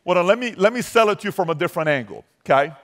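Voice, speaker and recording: Casting note: man, 40s, from Iran, punchy motivational speaker working a crowd, moves from loud to soft and intimate. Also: high-pitched, racing. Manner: energetic, emphatic, questions the audience directly. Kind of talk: motivational talk to a live audience.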